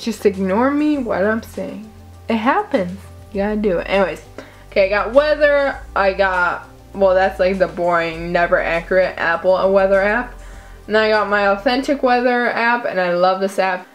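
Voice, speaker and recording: A woman's voice: mid-range voice, expressive, moderate pace, soft background music. Goofy, chatty young woman vlogger. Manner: goofy, chatty, laughs at herself. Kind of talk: casual chat.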